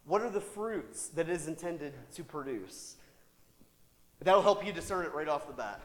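A male pastor delivers a sermon in a church sanctuary. His pitch swings all over as he preaches, lively and conversational, with quick asides to the congregation. A long, lingering hall reverb trails every phrase. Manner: animated, with rhetorical asides and laughter.

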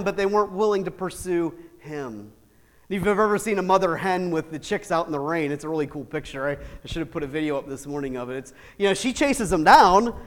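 A male pastor preaching a sermon, animated, swinging from loud emphatic bursts to quiet asides with chuckles. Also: sits high. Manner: animated, shifts from shouting to hushed asides with laughs. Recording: long hall reverb.

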